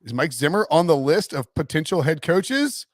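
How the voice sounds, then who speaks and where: A man hosting a casual sports podcast, chatty and quick to laugh as he talks. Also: fairly high pitch, big pitch swings, no room sound, clean studio sound. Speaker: podcast host.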